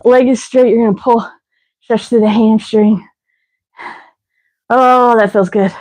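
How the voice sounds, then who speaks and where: A woman's voice: on the high side, fairly even intonation, slow pace, darkish tone, rough recording. A woman leading a live workout as fitness instructor, counting reps and cueing stretches while out of breath. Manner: counting reps, breathy and winded between cues.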